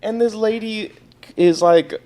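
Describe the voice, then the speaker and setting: A young man, telling a story on a casual podcast, animated and swearing often. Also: sits high, measured pace. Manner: animated, swears a lot, acts out quotes loudly. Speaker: podcast co-host.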